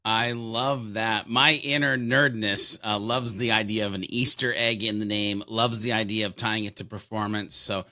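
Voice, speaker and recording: A man's voice: fairly low pitch, flat delivery, moderate pace, hardly any pauses, bright, forceful tone, no room sound. An American man hosting a podcast, talking in an upbeat, enthusiastic, folksy way. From United States. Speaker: podcast host. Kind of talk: casual podcast chat.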